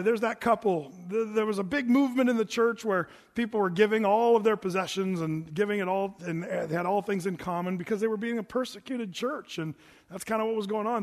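Man, pastor, sermon, high voice, long reverb of a church sanctuary, chatty and emphatic. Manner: conversational, rhetorical questions, emphatic.

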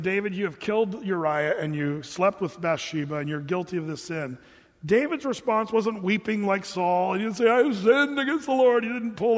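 A man's voice: sits high, in a large hall. A man preaching as a pastor, talking conversationally, asking rhetorical questions and acting out quotes. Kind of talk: sermon.

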